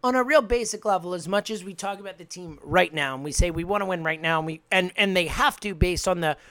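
An emphatic, animated sports podcast co-host with a mid-pitched voice, arguing points hard and laughing easily. The recording is close and dry, with no room sound. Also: fast talker, no room sound. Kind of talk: casual sports podcast chat.

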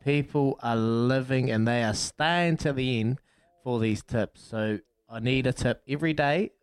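A man's voice: medium pitch, a little slow, clean tone, no echo. A man co-hosting breakfast radio, playful and giggly, in a studio. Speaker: radio co-host. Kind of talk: casual breakfast radio banter.

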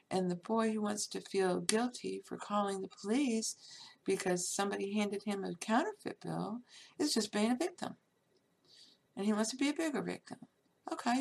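Gravelly, husky woman ranting off the cuff. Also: medium pitch, darkish tone. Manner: emphatic and rambling, many "you know" fillers. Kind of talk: unscripted monologue.

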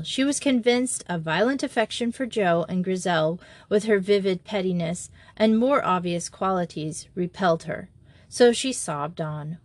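Slow, measured woman reading a story. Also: medium pitch, no room sound. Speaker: audiobook narrator. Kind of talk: scripted narration.

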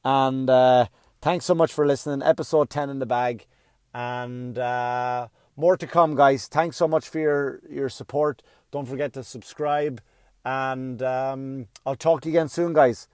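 A middle-aged man hosting his own podcast, delivering a loud, profane comedic rant. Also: medium pitch, steady tone, measured pace, clear, resonant tone, dry recording, studio quality.

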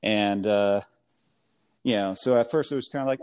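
American man, 30s, low voice, rambling anecdote-teller, filler-heavy. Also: normal speed, smooth. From New England, US. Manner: rambling, animated, heavy fillers, laughs often. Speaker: guest. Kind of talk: casual storytelling chat.

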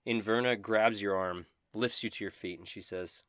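Low-voiced man running a tabletop game. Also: fairly even intonation, moderate pace, hardly any pauses, fairly bright tone, no echo, studio quality. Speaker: game master.

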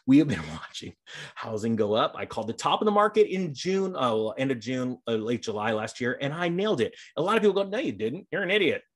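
A middle-aged man hosting a casual commentary vlog, energetic and sarcastic, rambling as he reads and reacts. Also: mid-range voice. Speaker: real estate YouTuber.

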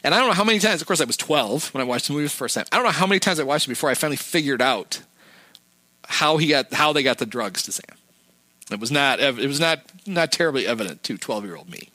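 A man retelling a movie plot in a relaxed, rambling chat, dropping fillers as he goes. His voice is bright and forward. The sound is dry and close. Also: medium pitch, quick pace, no echo. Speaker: podcast host. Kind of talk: casual movie recap.

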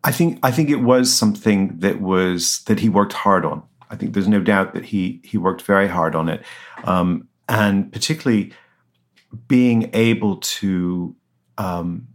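A man with a fairly low voice answers questions about his book in a loose, conversational way. He talks with plenty of fillers, pauses and restarts. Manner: hesitant, many fillers and restarts. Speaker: author guest.

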